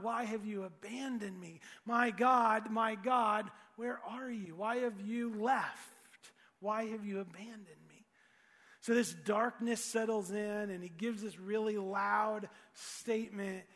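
High, bright-voiced male preacher in a big hall. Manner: storytelling, swings from hushed to shouting. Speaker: pastor. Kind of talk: sermon.

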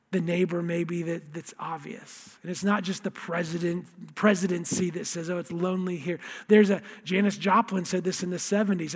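A man's voice: high-pitched, husky. A man preaching a sermon as pastor, earnest, often repeating words as he starts a thought. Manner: earnest, reads scripture slowly with feeling, repeats words. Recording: long hall reverb.

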